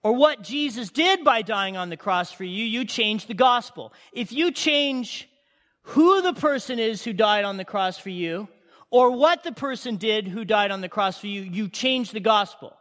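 High voiced guy pastor preaching, echoey church hall, keeps asking the crowd stuff. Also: lively intonation, unhurried, fairly bright tone. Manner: emphatic, conversational preaching with questions to the congregation. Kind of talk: sermon. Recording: reverberant hall sound.

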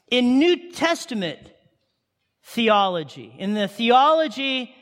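A man preaching a sermon, animated, with rhetorical questions, sudden shouts and hushed asides. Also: very high voice. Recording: long hall reverb.

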